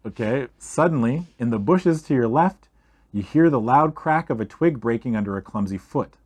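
A man reading a fantasy gamebook aloud in a steady storytelling voice, speaking to the listener as "you". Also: mid-range voice, normal speed, husky. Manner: steady storytelling read-aloud, second person. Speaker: game reader.

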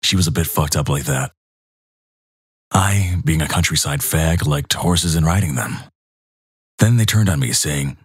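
A man reading crude internet stories aloud in a flat, plain way. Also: rumbling low, unhurried, pauses often, breathy edge, no room sound, studio quality. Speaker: narrator.

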